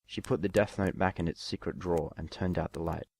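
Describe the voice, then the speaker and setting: A man's voice: low voice, a little fast, darkish tone, a little hiss or hum. A man reading a fan fiction story aloud as narrator. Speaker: story reader.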